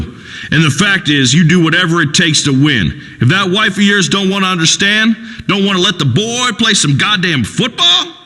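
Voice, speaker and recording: A man's voice: on the high side, bright, forceful tone, in a large hall, exaggerated voice, poor audio. An actor playing a crude, macho rural male talk-radio host in a comedy game radio show, drawling and preachy.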